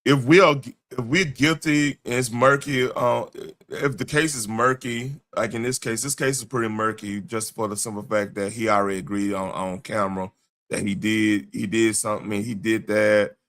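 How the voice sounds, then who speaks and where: A man hosting a late-night livestream talks bluntly and loosely in slang, often restarting his sentences. His voice sounds tired and worn, though its tone stays bright. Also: lowish voice, steady tone, moderate pace. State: tired, voice wearing out. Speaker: livestream host.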